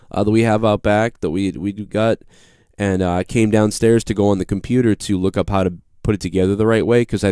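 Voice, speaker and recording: A Boston-accented man in his thirties hosts a live stream, telling a rambling, profane, self-deprecating story about his own mishaps. His fairly low voice is darkish and clean, recorded dry with studio quality.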